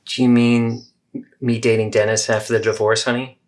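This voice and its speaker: A defensive, self-pitying middle-aged mother, played by a man swoops through a lively, expressive pitch as she deflects blame and guilt-trips. It is a therapeutic role-play, and her tone stays wounded and evasive. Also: moderate pace. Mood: gentle.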